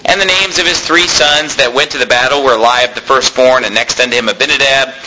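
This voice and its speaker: A man's voice: medium pitch, fairly quick, bright, forceful tone, a little hiss or hum, rough recording. A man preaching a sermon, reading scripture aloud and then explaining it in plain, emphatic words.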